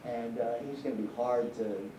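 A man's voice: mid-range voice, flat delivery, normal speed, recorded from a distance, background noise. A man directing a live Q&A, answering audience questions with rambling, candid anecdotes and frequent restarts in a cinema hall.

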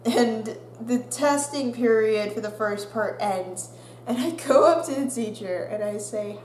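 An animated young woman tells a story slowly, laughing and acting out the voices of the people in it. Her voice sits a little high. The room is roomy and echoey, with a faint hum behind her. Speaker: vlogger. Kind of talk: storytime vlog.

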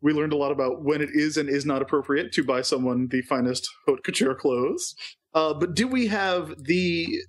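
A man's voice: a little high, moderate pace. A man co-hosting a podcast, recapping a cartoon episode in a wry, joking way. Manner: wry, joking, summarizing plot. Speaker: podcast co-host. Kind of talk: casual chat.

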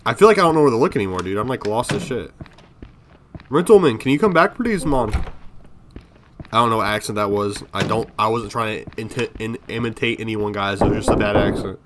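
A man's voice: lowish voice, fast, few pauses, fairly bright tone, a little hiss or hum. A man giving casual commentary on a horror game, jumpy and swearing, talking to himself and his viewers. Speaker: gaming video creator.

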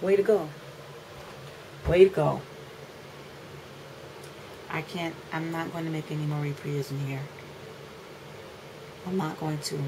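A woman, ranting to camera as a mother, indignant and repeating phrases for emphasis, swinging between loud outbursts and low, weary lines. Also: noisy background. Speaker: mother making a video complaint. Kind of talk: emotional rant to camera.

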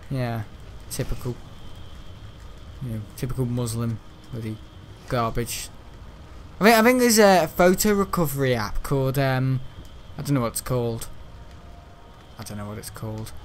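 A man's voice: mid-range voice, big pitch swings, normal speed, slight background noise. A young man rambling casually while playing a game, swearing mildly and restarting his sentences often. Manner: meandering, chatty, swears casually, frequent restarts. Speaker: gaming YouTuber. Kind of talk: rambling let's-play commentary.

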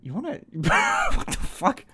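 A man's voice: very high voice, wildly swooping pitch, slow, pushed and bright. A man in his twenties chatting casually on a live stream, swearing freely, laughing often and rambling in a self-conscious way. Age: 20s.

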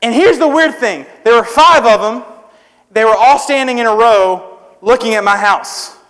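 His pitch is extremely high and a bit bright, and he moves at a moderate pace. The speaker, a young traveling preacher, gives a youth sermon to a church audience through joking, self-deprecating, conversational stories, captured with long hall reverb.

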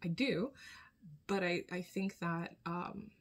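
Casual woman, a bit low-pitched. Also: takes it slowly. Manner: conversational, often checks in with a questioning tag; blunt, casual swearing. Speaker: video commentator. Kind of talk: casual spoken commentary.

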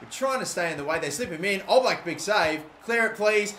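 An Australian man commentating his own football video game career, calm musing that bursts into loud shouting at big moments. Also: sits high, normal speed, hardly any pauses. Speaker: gaming YouTuber. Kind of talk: excited gameplay commentary. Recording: echoey room with faint noise.

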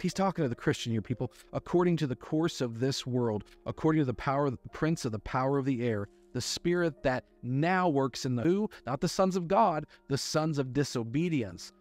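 A man's voice: mid-range voice, lively intonation, brisk, darkish tone, faint music behind. A man preaching a sermon, emphatic and repeating key words as he reads scripture aloud. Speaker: pastor.

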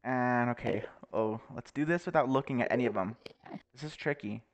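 A young man giving nervous, excitable commentary while playing a video game, often laughing and exclaiming. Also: mid-range voice, a little fast. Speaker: gaming YouTuber. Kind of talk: Let's Play commentary.

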